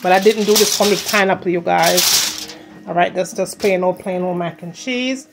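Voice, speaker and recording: A woman's voice: on the low side, normal speed, gravelly, heavy background noise. A tired woman hosting a casual cooking vlog in her home kitchen, chatting to viewers as y'all while filming on her phone. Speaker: cooking channel host.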